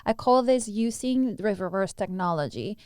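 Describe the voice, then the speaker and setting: A woman's voice: mid-range voice, animated, a little slow, darkish tone, smooth, dry recording, clean studio sound. A woman who teaches breathwork, answering interview questions earnestly and demonstrating breathing sounds as she explains.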